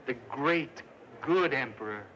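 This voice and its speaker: An actor playing a meek, gentle man who loves animals, talking softly and humbly politely, in a 1950s film. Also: mid-range voice, lively intonation, slow pace. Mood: gentle coaxing. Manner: soft, coaxing, humbly polite. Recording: dull, hissy 1950s film soundtrack.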